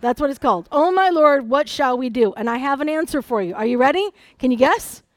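A woman with a high voice preaches a sermon, reading scripture and breaking in with animated asides. Her voice is close and dry, with no room sound. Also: brisk, no echo. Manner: animated, dramatizes the Bible story with voices and asides. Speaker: conference speaker.

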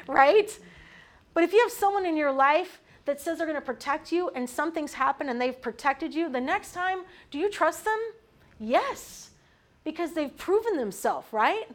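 A woman leading a Bible study, teaching in an animated way and putting questions to her group. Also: high voice, moderate pace.

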